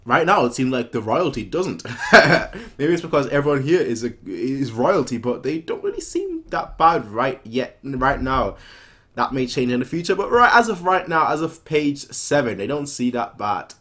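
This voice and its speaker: A man talking loosely through a manga chapter, his pitch jumping all over as he rambles. He restarts his sentences and piles up fillers, in the tone of casual reaction commentary. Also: sing-song, normal speed, pushed and bright.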